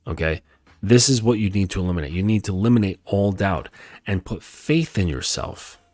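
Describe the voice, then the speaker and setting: A male dating coach giving a calm, emphatic coaching talk, repeating his points and often checking in with "okay?". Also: deep voice, normal speed, no room sound. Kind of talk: lecture-style coaching talk.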